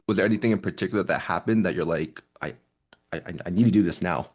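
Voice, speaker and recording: A man practicing as a sales closer, asking probing questions in a slightly halting way. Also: deep voice. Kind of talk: sales call role-play.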